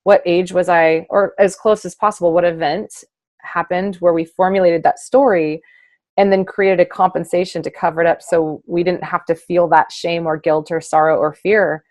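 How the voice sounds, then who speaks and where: A woman hosting a casual conversation, expressive and animated, acting out her own past thoughts with laughter. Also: lowish voice, moderate pace, no room sound. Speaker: host, naturopath.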